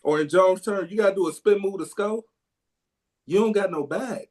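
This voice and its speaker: A man's voice: high-pitched, normal speed, darkish tone. A man co-hosting a casual basketball talk show, emphatic and a bit preachy when he makes his case. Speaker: podcast co-host.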